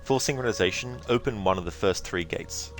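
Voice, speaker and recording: Low-voiced Australian man chatting on stream. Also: brisk, music in the background. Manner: relaxed, rambling, laughs easily. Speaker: game streamer. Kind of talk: casual live-stream chat with viewers.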